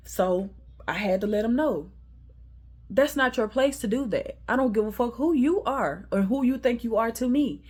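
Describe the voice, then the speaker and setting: Animated young woman telling a story. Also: fairly high pitch, moderate pace, husky. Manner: animated, laughing, profane, acting out quotes. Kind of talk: casual storytime.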